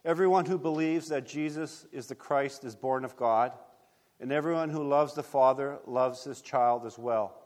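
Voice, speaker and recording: A man's voice: mid-range voice, in a large hall. A man preaching a sermon, telling a story earnestly and reading scripture aloud. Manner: earnest, steady storytelling with small restarts. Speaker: pastor.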